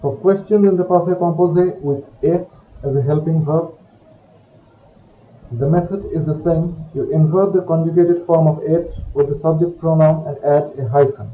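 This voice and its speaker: A man with a slightly high voice explains French grammar step by step, in a careful teaching manner. The sound is dull, with a roomy echo and faint background hiss. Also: steady tone. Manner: slow, careful, explanatory delivery. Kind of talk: recorded grammar lesson.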